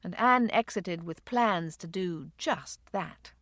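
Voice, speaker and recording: A woman narrating a romance audiobook in a measured, unhurried way. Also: on the low side, a bit bright, no echo, clean studio sound. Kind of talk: scripted narration.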